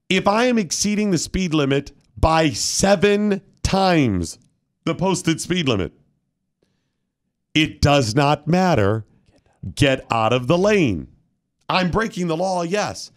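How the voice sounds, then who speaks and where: A man hosting a talk show, ranting with mock solemnity and breaking into loud indignant outbursts. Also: on the high side, lively intonation, a little slow. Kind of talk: comic rant on a talk show.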